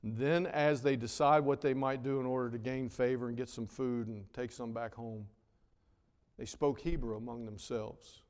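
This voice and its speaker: A man preaching a sermon, swinging between loud emphatic lines and hushed, drawn-out words. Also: medium pitch, fairly even intonation. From North Carolina. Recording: long reverb of a large hall.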